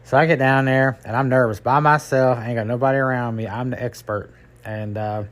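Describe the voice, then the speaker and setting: A middle-aged man tells stories from his working life in a loose, folksy, rambling way. His voice sits at an ordinary pitch. He keeps the tone casual, like a podcast host chatting. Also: fairly even intonation, a little fast. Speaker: podcast host and tow truck driver. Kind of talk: casual storytelling.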